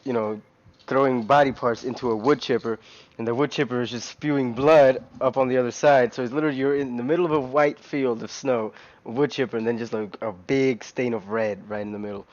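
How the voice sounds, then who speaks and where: A man's voice: medium pitch, fairly even intonation, brisk, darkish tone. Rambling man on a muffled stream. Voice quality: rambling, lots of fillers and restarts, laughs often. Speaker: live stream host. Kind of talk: casual gaming stream chat.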